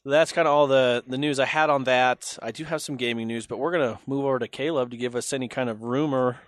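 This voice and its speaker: A man hosting a casual tech podcast, relaxed as he steers the talk from one story to the next. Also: mid-range voice, quick pace, no echo. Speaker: podcast host leading segments.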